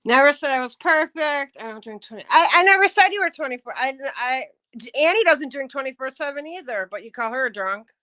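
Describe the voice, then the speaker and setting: A woman's voice: sits high, expressive, brisk, bright, forceful tone, no room sound, lo-fi sound. A woman on a live stream, ranting bluntly and confrontationally at her chat and swearing often. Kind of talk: heated live-stream rant.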